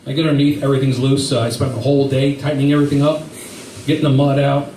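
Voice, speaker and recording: A man doing a stand-up set, telling rambling stories in an animated way with silly voices. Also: mid-range voice, rapid-fire. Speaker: stand-up comedian. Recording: echoey room from far off with faint noise.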